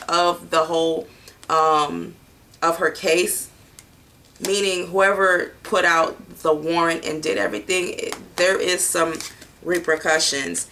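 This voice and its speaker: A woman's voice: lowish voice, bright, forceful tone, slight background noise. A woman doing a casual tarot reading, talking bluntly and loosely with plenty of fillers and some swearing. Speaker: tarot card reader.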